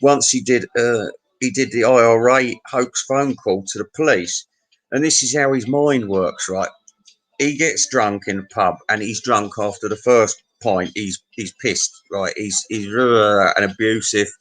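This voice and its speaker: A man's voice: fairly low pitch, measured pace, fairly bright tone, rough recording. A man telling a crude, meandering pub anecdote and chuckling at his own tale. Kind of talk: rambling pub anecdote monologue.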